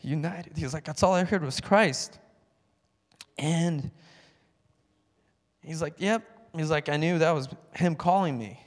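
A man's voice: on the high side, a little slow, pauses often, big-room sound. A man telling a personal testimony in a church, acting out phone calls in a raised voice. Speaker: church speaker giving a testimony. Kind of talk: sermon testimony.

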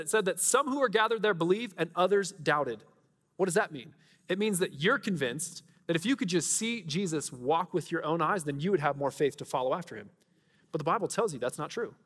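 Animated preaching man in a reverberant hall. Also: high-pitched. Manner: conversational, animated preaching with rhetorical questions. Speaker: pastor. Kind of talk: sermon.

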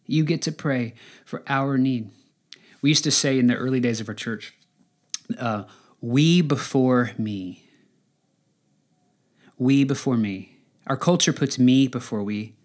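A male pastor delivering an earnest, conversational sermon, pausing often and restarting his phrases. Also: medium pitch.

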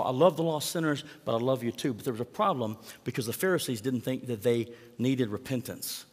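A man's voice: medium pitch, moderate pace, hardly any pauses, big-room sound. A man preaching a sermon in a conversational way, asking the congregation rhetorical questions. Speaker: pastor.

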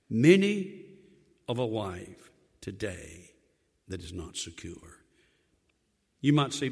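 Older man preaching, gravelly and lively. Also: a little slow, long pauses, big-room sound. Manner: swings from loud emphatic lines to low quiet drops, joking asides. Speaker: pastor. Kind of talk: sermon.

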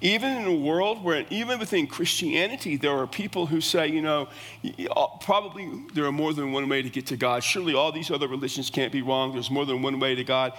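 A middle-aged pastor preaches with earnest emphasis, his fairly high voice stumbling through restarts as he drives each point home. His words ring out with a long reverb from the church sanctuary around him. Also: a little fast, fairly bright tone. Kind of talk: sermon.

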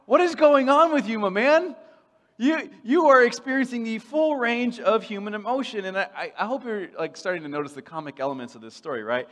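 A man preaching a sermon in a playful, animated way, swinging from loud bursts to hushed asides. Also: high-pitched, fairly quick, long reverb tail.

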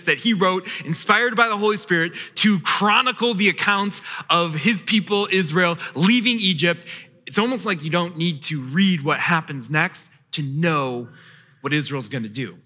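Pastor with a high, sharp voice in a reverberant hall. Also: male voice, moderate pace. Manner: storytelling with acted quotes and sudden shifts in loudness. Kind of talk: sermon. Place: church sanctuary. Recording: long church hall reverb.

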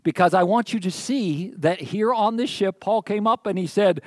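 A man's voice: high-pitched, normal speed, few pauses, darkish tone, no room sound, clean studio sound. A middle-aged man preaching a sermon, telling stories in a folksy, conversational way and often checking in with his listeners. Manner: conversational, folksy storytelling with frequent "okay?". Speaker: pastor.

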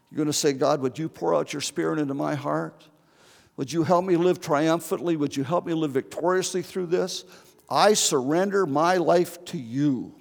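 A man's voice: on the high side, creaky, big-room sound. An older man preaching an earnest, heartfelt sermon as pastor, with pleading repetitions.

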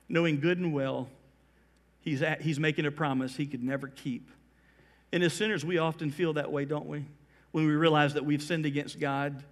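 A middle-aged man preaching a sermon as pastor, building emphasis through repeated phrases and slowing down to stress key words. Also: a little high.

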